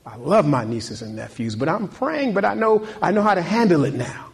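This male pastor speaks at normal speed in a higher register, with wide pitch swings and some vocal fry. His sermon builds in intensity through repetition as he questions the congregation and shouts amen.

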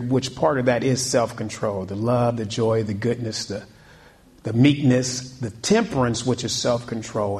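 A male pastor with a darkish, mid-range voice preaches a sermon with rising intensity. He repeats key points, asks the congregation questions, and calls out amen.

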